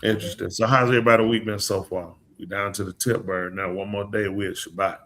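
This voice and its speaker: A male preacher hosting a live talk show, telling stories in a lively way and acting out the voices of the people he quotes. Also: fairly low pitch, quick pace. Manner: lively storyteller who acts out quoted voices. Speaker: podcast host and preacher. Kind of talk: casual storytelling chat.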